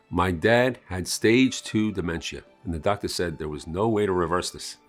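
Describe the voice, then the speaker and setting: Faint music plays as a man tells a scripted first-person sales story. He performs it like a dramatic storyteller, his pitch and loudness rising and falling sharply.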